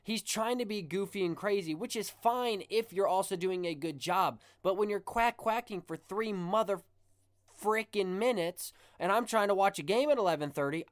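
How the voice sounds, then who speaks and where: A man hosting his own podcast, ranting in a casual, exasperated and animated way. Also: high-pitched, normal speed, no room sound, clean studio sound. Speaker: podcast host.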